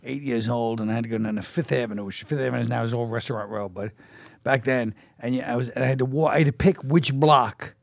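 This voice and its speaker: A man, a comedian guest chatting quickly and breaking off his own sentences. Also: medium pitch, creaky, no room sound. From Park Slope, Brooklyn. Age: 60s. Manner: fast, self-interrupting, many likes. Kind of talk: casual interview chat.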